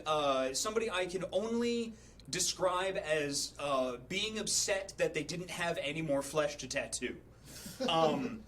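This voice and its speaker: A man's voice: fairly high pitch, fairly bright tone, slight background noise. A man casually telling a story, hesitant with many fillers, acting out the people he quotes. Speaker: storyteller on a charity livestream.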